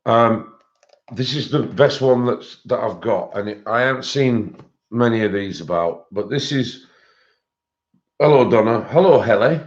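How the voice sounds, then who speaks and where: A man hosts a colouring channel's live stream, chatting in a casual, rambling way and greeting viewers by name. His mid-range voice is unhurried, and the stream audio is dull and lo-fi.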